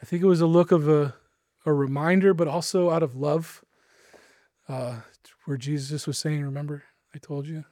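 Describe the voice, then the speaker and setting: A man's voice: a little high, fairly even intonation, normal speed, long pauses, dark tone, dry recording, studio quality. A man preaching a sermon, earnest and emphatic, with casual asides to his listeners.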